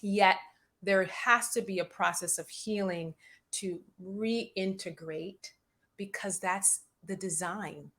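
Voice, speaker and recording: Woman therapist on a podcast, calm measured talk, little laughs here and there. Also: mid-range voice. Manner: reflective, measured, occasional laughs. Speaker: guest, therapist. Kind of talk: interview conversation.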